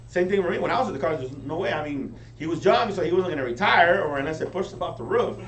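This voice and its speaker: A man giving a high-energy motivational training talk to a live audience, often checking in with them. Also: fast. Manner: energetic, keeps asking the crowd "right?". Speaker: business team leader training recruits. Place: meeting room with an audience. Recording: echoey room, distant mic, faint hum.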